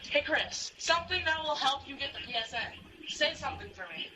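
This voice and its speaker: High-voiced taunting man on a distant call. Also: expressive, brisk. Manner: taunting, mocking, laughing. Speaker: prank caller. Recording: distant voice-chat audio with noise.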